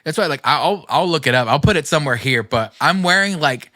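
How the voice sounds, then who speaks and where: Rambling podcast host, bright voice. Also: male voice, a little high, animated, quick pace, no echo, studio quality. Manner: rambling, heavy use of "like", swears freely. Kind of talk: casual podcast chat.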